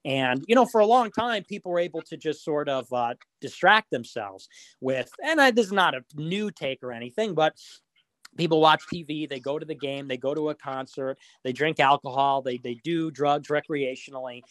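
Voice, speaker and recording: A man's voice: on the high side, animated, moderate pace, a bit bright, dry recording. A man hosting a casual podcast chat, rambling and profane, with frequent fillers and mocking asides.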